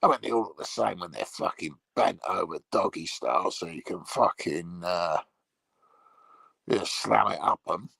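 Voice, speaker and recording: A man playing a crude male troll, delivering a rambling, swear-filled comedy monologue in a gravelly, husky voice. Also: deep voice, moderate pace, sharp tone, dry recording, full character voice, low-quality recording.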